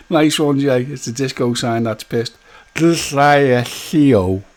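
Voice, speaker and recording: A man's voice: medium pitch, fairly even intonation, slow pace. A man hosting a live stream, chatting casually and jokily with viewers and greeting them by name.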